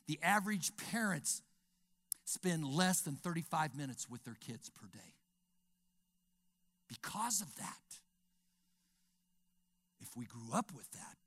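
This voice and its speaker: An older male pastor preaching a sermon, telling stories and acting out dialogue, swinging from whispers to shouts. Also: fairly high pitch.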